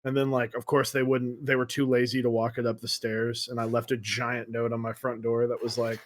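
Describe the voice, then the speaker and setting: A man co-hosting a casual chat, telling animated stories and laughing often. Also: medium pitch, a little fast. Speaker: podcast co-host.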